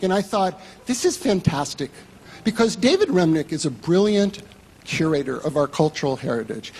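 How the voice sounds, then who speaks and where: A man's voice: a little high, big-room sound, a little hiss or hum. A man telling a story on stage to an audience, in a wry, profane, self-mocking way.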